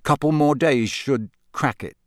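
A man's voice: mid-range voice, measured pace, no echo, natural voice. Brief: earnest, guarded teen boy wizard, played by a man, dry close mic.

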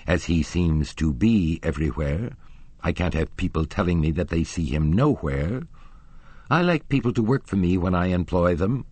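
A man's voice: low-pitched, expressive, normal speed, breathy edge, dry recording. A man voicing an irritable, domineering male opera manager who barks angry questions. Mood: cold. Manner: barking, angry and forceful.

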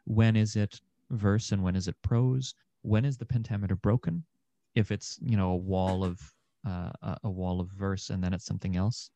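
A man's voice: on the low side, fairly even intonation, moderate pace, dark tone. A young man, an actor and podcast guest, talking through ideas in a thoughtful, meandering way with many fillers. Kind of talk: casual conversation.

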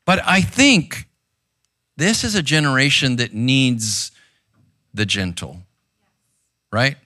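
Bright-voiced male pastor preaching conversationally. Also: medium pitch, expressive, slow pace, no room sound, studio quality. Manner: conversational, intense, frequent "right?" asides. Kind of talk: sermon. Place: church room, seated on a stool.

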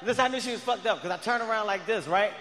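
High-voiced, excitable male comedian. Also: fast. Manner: loud, excitable storytelling. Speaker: stand-up comedian. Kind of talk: stand-up comedy. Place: large live comedy venue. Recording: live venue with long reverb and faint crowd noise.

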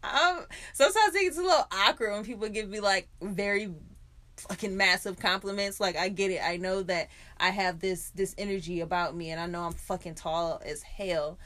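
A woman's voice: mid-range voice, moderate pace, fairly bright tone. Woman on a podcast just chatting, cusses a lot, laughs a bunch, totally frank. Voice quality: frank, profane, laughs often. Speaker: podcast co-host. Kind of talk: casual chat.

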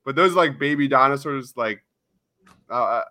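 A man's voice: medium pitch, a little slow, bright, forceful tone. A man on a casual movie podcast, stammering and exasperated as he talks. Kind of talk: casual chat.

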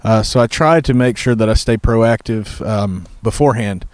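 A man chatting by a cold outdoor campfire, measured, with frequent ums. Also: fairly low pitch, a little mellow, no room sound. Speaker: pastor. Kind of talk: casual chat.

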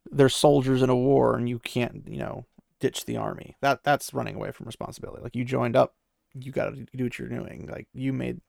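A man's voice: mid-range voice, creaky, darkish tone, no room sound, studio quality. A man casually retelling a fantasy novel, rambling and slipping into the characters' voices, with opinionated asides. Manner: rambling, acts out the characters' quotes loosely. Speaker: book recapper.

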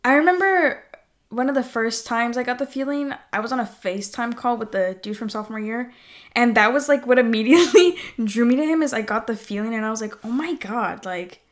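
A young woman chats casually with a friend, giggling and padding her stories with fillers. Her voice sits a bit high. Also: lively intonation, brisk. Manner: chatty, giggly, lots of "like". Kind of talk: casual chat.

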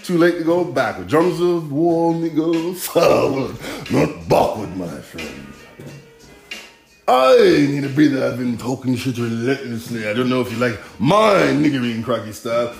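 A man's voice: medium pitch, sing-song, moderate pace, gravelly. Profane, rambling male podcast host. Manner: profane, rambling, rhythmic street talk. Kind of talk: casual podcast rant. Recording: echoey room, faint music.

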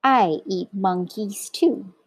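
A woman voicing a greedy male crocodile villain in a children's story, slow and gloating. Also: medium pitch, breathy edge, dry recording. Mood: sly gloating.

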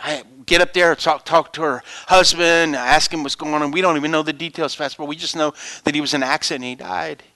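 A male pastor preaching a sermon, telling stories of the people he ministers to and dropping to whispers before rising to loud, high exclamations. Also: fairly even intonation, quick pace, few pauses, dry recording.

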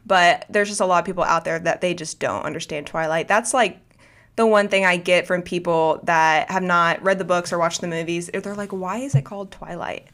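A woman's voice: fairly low pitch, steady tone, moderate pace, fairly bright tone. A woman guest chatting casually on a podcast, talking in a loose, rambling way with many fillers and restarts. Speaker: guest, book video creator.

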